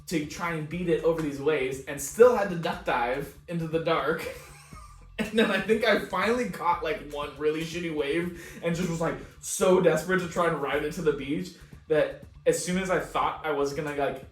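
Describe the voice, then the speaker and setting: Guy on a podcast, higher voice, laughs a lot and swears, roomy echo, mic far off. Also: normal speed. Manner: laughs often, swears freely, animated retelling. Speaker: podcast co-host. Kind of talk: casual storytelling chat. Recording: roomy echo, distant mic, faint music.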